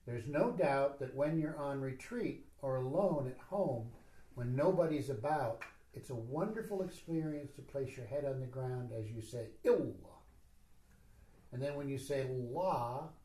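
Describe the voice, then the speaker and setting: A man giving a slow, measured teaching talk at a retreat, with soft asides to his listeners. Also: medium pitch, roomy sound. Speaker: spiritual teacher. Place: retreat hall.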